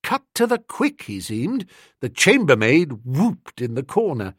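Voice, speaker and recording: A man's voice: medium pitch, very animated, unhurried, fairly bright tone, slightly rough, no echo, studio quality. A man reading a comic first-person story aloud as an audiobook narrator. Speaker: audiobook reader.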